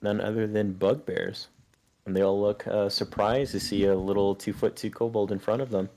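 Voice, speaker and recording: A man narrating as game master in a relaxed, plain-spoken way. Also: lowish voice, normal speed.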